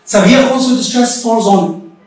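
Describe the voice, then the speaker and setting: A woman teacher giving a remote English lesson, explaining slowly and deliberately and repeating herself often. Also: on the high side, a little mellow. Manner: slow, deliberate explaining with frequent repetition. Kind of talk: recorded remote classroom lesson. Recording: very echoey room, voice far from the mic.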